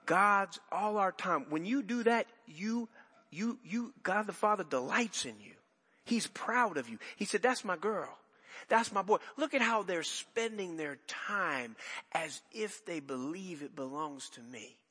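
Male pastor, conversational sermon full of asides and restarts, lifted pitch, echoing church. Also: lively intonation, measured pace, bright, forceful tone, breathy edge. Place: church sanctuary.

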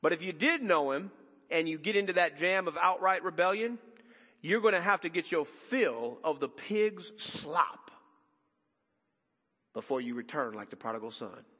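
A man preaching a sermon as pastor, emphatic and conversational with dramatic pauses, in a church sanctuary. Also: a little high, expressive, pushed and bright, slightly rough, big-room sound.

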